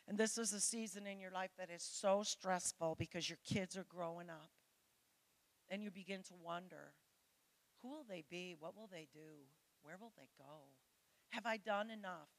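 Chatty middle-aged woman giving a sermon. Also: lowish voice. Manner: chatty and candid, with laughs and mimicked voices. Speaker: pastor's wife speaking to a church audience. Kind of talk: conversational sermon with personal stories.

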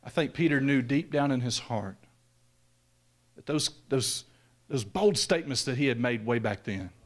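A man preaching a sermon, swinging from loud raised peaks down to hushed, low lines. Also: lively intonation, moderate pace.

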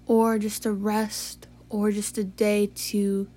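A tired young woman hosting a late-night confessional podcast, talking softly and haltingly, with sighs, yawns and whispered stretches. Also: medium pitch, level tone. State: sleepy. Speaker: podcast host.

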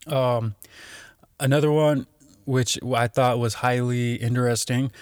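Relaxed man with a dry, close sound. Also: mid-range voice, unhurried, clean tone, no room sound. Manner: relaxed, many fillers and restarts. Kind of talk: casual solo talk reading definitions.

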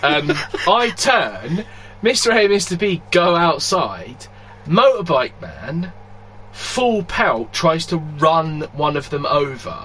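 Man, raised pitch, lively swearing storyteller, chatty podcast guest. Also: slow pace, a little hiss or hum. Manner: animated anecdote telling, swears freely, laughs often. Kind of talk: casual chat.

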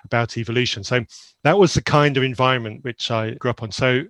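A man around fifty, raised in Zambia, candidly and earnestly telling his own story of faith and doubt, often halting and restarting. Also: medium pitch, steady tone, a bit bright, no room sound. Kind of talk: reflective personal storytelling.

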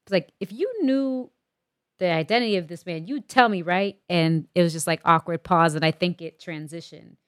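A woman's voice: fairly low pitch, moderate pace, no room sound, studio quality. A woman co-hosting a casual movie discussion, thoughtfully explaining plot points. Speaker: podcast co-host.

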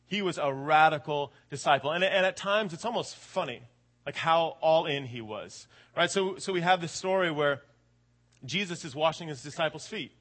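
High-voiced young preacher, animated. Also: male voice, normal speed. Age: late 20s. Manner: animated, colloquial, keeps asking "right?". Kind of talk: sermon.

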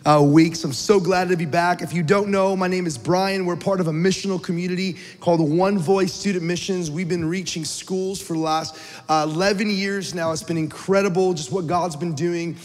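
A man in his thirties preaches to his congregation in a fairly high voice. He tells a personal story earnestly and often repeats words as he goes. The recording carries a long, ringing reverb. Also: steady tone, moderate pace. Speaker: pastor. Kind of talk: sermon.

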